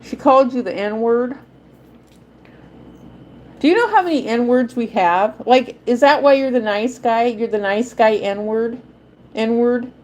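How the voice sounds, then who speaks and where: A woman's voice: a little high, lively intonation, takes it slowly, long pauses, a little mellow, lo-fi sound. A woman hosting a live stream, chatting in a rambling way and laughing often. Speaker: livestream host. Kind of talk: casual live-stream chat.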